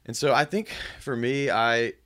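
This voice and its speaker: A man in his thirties talking candidly as a guest, reflective and halting, with frequent restarts. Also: mid-range voice, fairly even intonation, fairly bright tone. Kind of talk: candid personal conversation.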